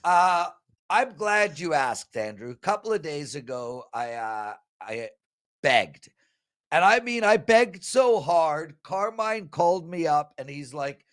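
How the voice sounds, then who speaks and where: A slightly high-voiced man who talks slowly but turns animated and pleading as he pitches his betting picks. He swings from loud bursts down to low mutters. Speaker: sports betting handicapper. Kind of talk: sales pitch in casual chat.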